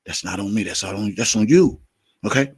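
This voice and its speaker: A man's voice: fairly low pitch, expressive, fairly quick, breathy edge. A man hosting a live commentary stream, blunt and profane, speaking straight to his viewers and checking his mic. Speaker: YouTube commentary blogger and host.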